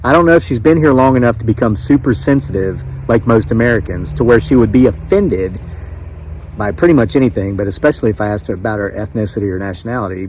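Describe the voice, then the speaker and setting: A man in his fifties tells a personal story straight to the camera in a relaxed, folksy way. His voice stays mid-pitched, but his loudness swings up sharply on the points he stresses. He comes across as emphatic and talkative, with a chatty, neighborly edge. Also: no room sound. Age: 50s. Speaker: homesteading vlogger and disabled veteran.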